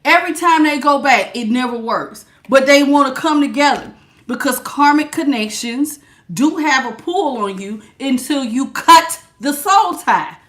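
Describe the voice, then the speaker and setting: Loud, blunt woman tarot reader; high, carrying voice, sassy, laughs often, close on a good mic. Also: animated, unhurried. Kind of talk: live tarot reading, chatting with viewers. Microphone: good studio mic.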